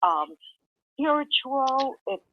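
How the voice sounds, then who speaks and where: A woman calling in to a radio show, eager and effusive, speaking softly. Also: high-pitched, very animated, takes it slowly, dry recording. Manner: eager, effusive, soft-spoken. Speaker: caller. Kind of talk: phone call-in conversation. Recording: tinny phone line.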